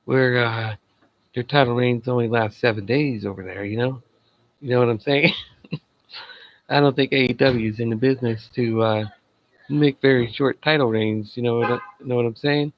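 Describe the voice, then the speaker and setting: A man's voice: medium pitch, steady tone, moderate pace, lo-fi sound, a little hiss or hum. A man giving a casual solo review of a wrestling show, chatty and laughing at his own jokes.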